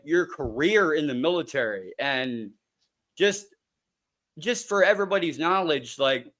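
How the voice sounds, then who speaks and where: A man hosting a podcast, excitable and chatty, filling his speech with "like". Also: fairly high pitch. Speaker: podcast host. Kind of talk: casual podcast interview.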